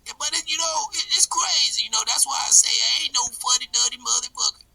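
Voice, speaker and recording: A man voicing a brash, foul-mouthed country redneck who shouts, cusses constantly and rambles in a comedy sketch. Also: very high voice, quick pace, gravelly, breathy edge, full character voice, poor audio. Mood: ranting.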